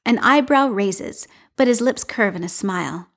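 A woman reading a fan fiction story aloud in a calm, measured narration. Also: mid-range voice, husky. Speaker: reader.

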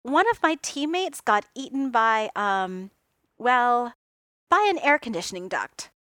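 Brash, impatient inventor guy, snappy and loud, pitched a touch high, read by a woman. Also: very animated, measured pace, no room sound, studio quality. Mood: exasperated. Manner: snappy and exasperated. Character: brash, impatient genius inventor, adult man.

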